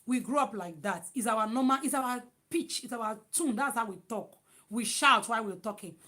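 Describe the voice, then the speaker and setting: A woman from Nigeria with a Nigerian accent, chatting casually in a vlog, loud and emphatic, with many restarts. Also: fairly high pitch, moderate pace. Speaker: vlogger.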